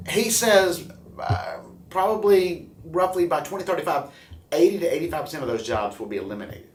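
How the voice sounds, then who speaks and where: A man's voice: fairly high pitch, brisk, a little hiss or hum. A man hosting a local morning show, rambling and upbeat, often repeating words as he talks. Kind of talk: casual local news talk. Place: room at a chamber building. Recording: roomy echo.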